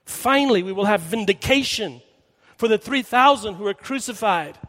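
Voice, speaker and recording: Man acting as impassioned young disciple, urgent, insistent, raised pitch, hall echo. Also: normal speed, a bit bright. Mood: fervent. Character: impassioned young male disciple, fervent, zealous. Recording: long hall reverb.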